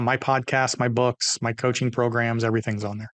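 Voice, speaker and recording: A middle-aged man, a guest on an interview podcast, telling stories in an energetic, animated way and acting out the dialogue. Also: mid-range voice, fairly quick, no room sound. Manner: energetic, animated storyteller who acts out dialogue. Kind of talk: interview storytelling.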